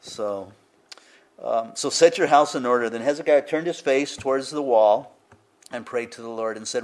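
A man's voice: medium pitch, normal speed, darkish tone. Older man preaching in a chatty way. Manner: conversational teaching with frequent asides and chuckles. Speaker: pastor. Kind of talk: sermon.

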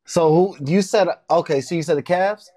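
A man's voice: fairly high pitch, normal speed, dark tone. Laid-back young man bantering about basketball. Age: young adult. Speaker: co-host. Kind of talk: casual sports talk.

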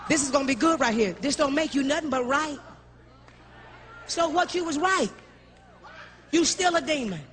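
A woman preaches a fiery sermon in a church sanctuary, repeating her points and calling out her congregation. Her voice sits high and a bit bright, with lively intonation, a moderate pace and frequent pauses. It's a live church recording with congregation noise.

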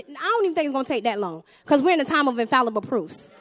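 Animated woman preaching a sermon, high-voiced. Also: very fast, few pauses, dry recording, some chatter behind. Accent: Southern US. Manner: animated, swings from hushed asides to loud exhortation.

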